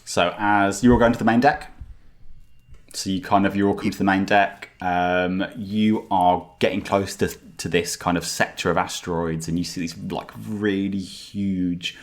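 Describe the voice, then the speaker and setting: Guy dm with a really low voice, rambly, lots of ums. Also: flat delivery, moderate pace. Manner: loose and rambling, many fillers. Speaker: game master. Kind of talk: narrating a tabletop game.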